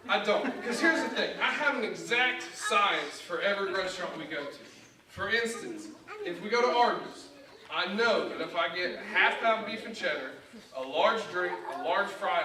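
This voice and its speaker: A young man doing stand-up in a church, telling self-mocking family stories and acting out the dialogue. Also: sits high. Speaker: guest comedian. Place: church sanctuary. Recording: echoey church hall from far off.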